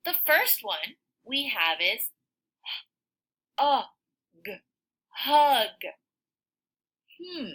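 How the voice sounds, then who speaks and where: A woman teaching a phonics lesson to young children, sounding out words slowly and cheering her listeners on. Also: high voice, low-quality recording. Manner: slow, sounds out words, animated encouraging teacher voice.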